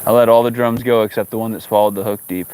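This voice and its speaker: A man's voice: lowish voice, level tone, fast talker, a little mellow, clean tone. Brief: male fishing streamer, casual joking banter aimed at viewers, outdoors by the water, bugs chirping behind. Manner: joking, talks to viewers, exasperated at the fish. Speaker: fishing livestream host. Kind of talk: casual livestream chat.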